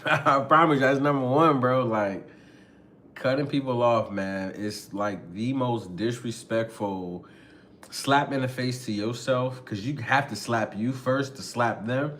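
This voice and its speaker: A man hosting a casual talk show, slangy and animated, acting out both sides of arguments. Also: medium pitch, unhurried, a little hiss or hum. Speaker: podcast host. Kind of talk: casual talk with acted-out skits.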